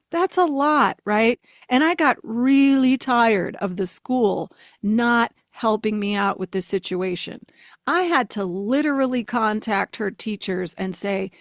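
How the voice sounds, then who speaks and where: A woman's voice: on the high side, dry recording, clean studio sound. A woman in her forties hosting a casual spiritual talk, telling a family story with frequent laughter. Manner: animated, laughs often while telling stories. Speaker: spiritual teacher, podcast host.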